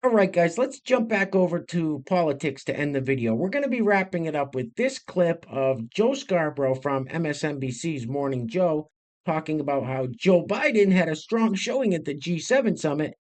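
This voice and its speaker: Sarcastic male commentary host, lively pitch. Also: normal speed. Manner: sarcastic, mocking asides. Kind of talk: scripted commentary on video clips.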